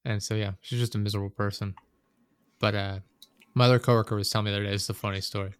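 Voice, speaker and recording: Guy ranting casually, swears a lot, lowish voice. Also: level tone, rapid-fire, clean tone, no room sound, clean studio sound. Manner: profane, venting, rambling storyteller. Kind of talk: casual chat.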